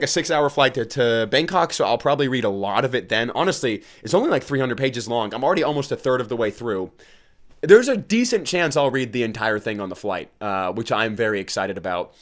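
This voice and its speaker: A man hosting a casual solo podcast, tired and rambling, cracking self-mocking jokes and laughing at them. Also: medium pitch. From United States. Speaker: podcast host.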